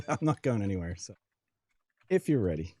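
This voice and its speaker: A Western Pennsylvania man with a local accent hosts a casual livestream chat, greeting viewers by name. His voice is lowish and dark, very animated, at a moderate pace, and he's chatty and quick to laugh.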